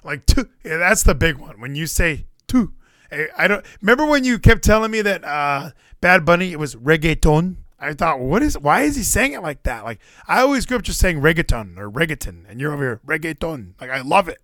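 A man hosting a loose online chat, teasing a friend with mock-inspirational speeches. His voice sits a little high and swings widely in pitch. The sound is dry and close. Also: sing-song, a little fast, a bit bright, dry recording. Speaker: streamer host.

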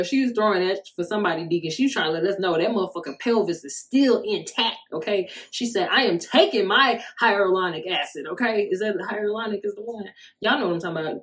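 A woman in her thirties with a mid-range voice, talking through a loose solo podcast monologue. She is blunt and swears freely. She laughs often as she tells stories. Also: mid-range voice. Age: 30s. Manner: profane, candid, laughing storyteller. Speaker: podcast host.

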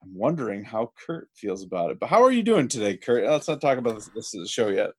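A man's voice: lowish voice, very animated, fast, a crowd in the background. A man hosting a casual TV recap podcast, enthusiastic and rambling, often restarting his sentences. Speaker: podcast host.

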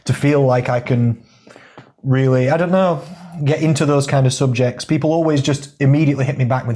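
A man's voice: mid-range voice, brisk, warm tone. A man, a fitness coach hosting a casual podcast chat, candid and laughing often as he swears freely.

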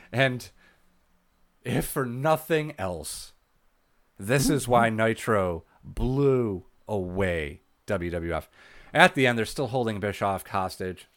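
A relaxed man with a slightly low voice talks through old wrestling matches in loose, casual podcast chat. He swears freely and keeps breaking into laughter. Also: dry recording. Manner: laid-back, swears, laughs a lot, acts out wrestler quotes. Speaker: podcast co-host.

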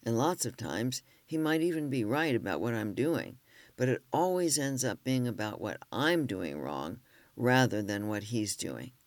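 A man's voice: mid-range voice, lively intonation, measured pace, dry recording, lightly acted. A man reading aloud and voicing a wife who speaks earnestly about her partner. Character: frustrated wife explaining calmly.

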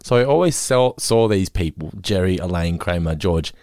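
A man's voice: deep voice, normal speed, dry recording, clean studio sound. A man in his thirties with an Australian accent, co-hosting a casual podcast chat, telling stories and acting out the people in them. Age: 30s. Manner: animated storytelling, swears casually, acts out quoted people. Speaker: podcast co-host.

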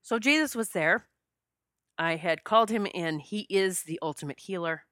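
A woman's voice: fairly low pitch, normal speed, fairly bright tone, no echo, clean studio sound. A woman hosting a podcast, telling a personal spiritual story and getting choked up as she talks. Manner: emotional, gets choked up. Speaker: podcast host.

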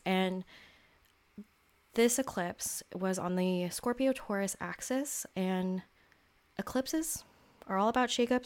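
A young adult woman hosting a solo podcast, talking casually and openly about her feelings, with lots of "like" and "um.". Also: mid-range voice. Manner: casual and candid, heavy use of "like" and "um". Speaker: podcast host. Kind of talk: reflective solo podcast talk.

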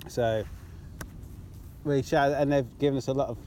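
A man's voice: medium pitch, fairly even intonation, moderate pace, warm tone, a little hiss or hum. A British man co-hosting a podcast in casual chat, drunk, rambling, laughing often and stumbling over his words. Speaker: podcast co-host.

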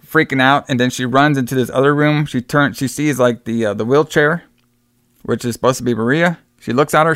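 A man's voice: medium pitch, fairly bright tone, dry recording, studio quality. A man casually recapping a horror movie plot, rambling and swearing, acting out the characters' lines as he goes. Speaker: podcast co-host.

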